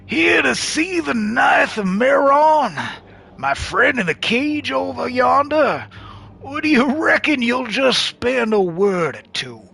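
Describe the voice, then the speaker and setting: A man's voice: very high-pitched, very animated, creaky, sharp tone, pitched above the performer's own voice, exaggerated voice. A man doing a drawling weary traveler. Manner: slow, drawling impression. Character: weary male traveler in a pointy hat.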